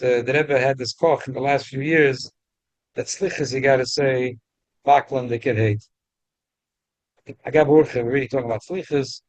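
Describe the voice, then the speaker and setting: A man teaching a weekly Torah class, mixing casual English explanation with rapid readings of Hebrew text. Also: a little high, dry recording, poor audio.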